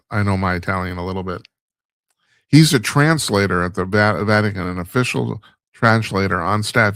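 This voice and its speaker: A man's voice: on the low side, a bit bright, dry recording. A man hosting a talk show, delivering a rambling, wry monologue and laughing at his own stumbles. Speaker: radio talk show host. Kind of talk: casual monologue commentary.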